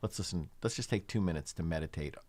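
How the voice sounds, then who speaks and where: Deep-voiced man giving a slow sermon. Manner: slow, reflective, with gentle pauses. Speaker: minister. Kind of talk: spiritual talk leading prayer. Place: in the United States.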